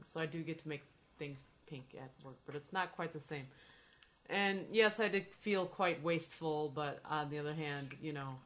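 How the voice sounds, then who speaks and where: A woman's voice: deep voice, a bit bright, a little hiss or hum. A woman hosting a podcast, telling a story in casual, playful chat and teasing her co-host. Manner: chatty, playful, swears and teases.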